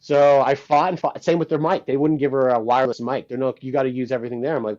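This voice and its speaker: A man's voice: medium pitch, fast, few pauses. A man being interviewed as a guitarist and producer, telling stories in a casual way and acting out what people said, with some swearing. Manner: animated, acts out quoted dialogue, swears casually. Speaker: guest musician, guitarist and producer. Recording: dull lo-fi sound.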